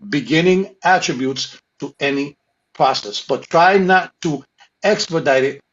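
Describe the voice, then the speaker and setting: A man's voice: a little high, a little slow, a bit bright, muffled recording. A man in casual podcast chat giving earnest advice, repeating his phrases for emphasis.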